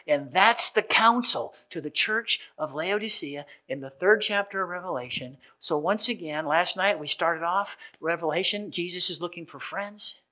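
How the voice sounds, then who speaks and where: Animated male preacher. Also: sits high, moderate pace, few pauses. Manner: animated, repeats words as he builds. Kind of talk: sermon with storytelling.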